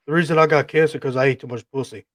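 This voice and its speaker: A man's voice: medium pitch, no echo. A man co-hosting a casual podcast, bantering crudely and laughing. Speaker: podcast co-host.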